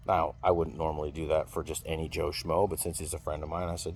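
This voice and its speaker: A man's voice: extremely low pitch, little pitch movement, fast, creaky, hardly any pauses, a little mellow, a little hiss or hum. A man telling a story in a casual venting monologue, rambling and swearing freely. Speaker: vlogger venting.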